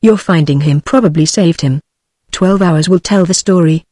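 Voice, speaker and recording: A synthetic British English woman's voice reading a novel aloud with an even, steady audiobook delivery. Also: on the low side, normal speed, no room sound. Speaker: audiobook narrator.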